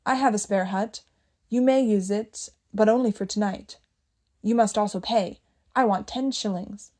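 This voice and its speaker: A woman voicing a very old village woman who is shrill, loud and suspicious, speaking in a curt, accusing way. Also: fairly even intonation, measured pace, close to an everyday voice.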